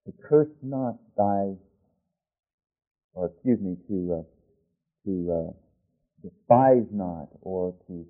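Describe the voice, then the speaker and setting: Deep-voiced male preacher, tinny sound. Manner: deliberate, with restarts and self-corrections. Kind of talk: sermon.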